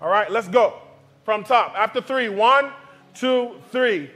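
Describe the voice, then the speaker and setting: A pastor preaching in a church, leading the congregation in call-and-response and repeating phrases slowly. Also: male voice, high voice, lively intonation, sharp tone. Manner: slow, drawn-out delivery with repetitions. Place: church sanctuary.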